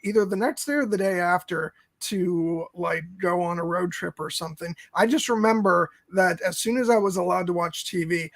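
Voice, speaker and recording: Man, casual podcast co-host, high voice with gravel, dry close sound, rambling. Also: fairly bright tone, no echo. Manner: rambling storyteller, many fillers. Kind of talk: casual film review chat.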